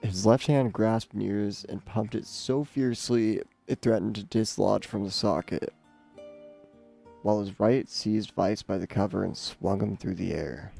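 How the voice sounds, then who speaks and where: A man's voice: on the low side, measured pace, gravelly, dark tone, soft background music. A man reading a game novel aloud, doing the characters' voices and stumbling over words now and then. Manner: stumbles and repeats words, laughs at the text.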